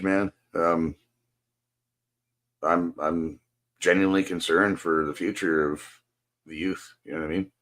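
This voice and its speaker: A man hosting a stream, venting in casual, profanity-laced chat on a video call. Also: sits low. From Canada. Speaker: stream host. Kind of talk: casual rant to a guest.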